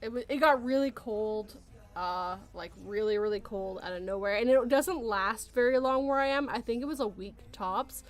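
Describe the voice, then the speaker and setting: A woman's voice: on the high side, normal speed. A Canadian woman hosting a casual podcast chat, rambling through explanations and laughing often. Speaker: podcast host.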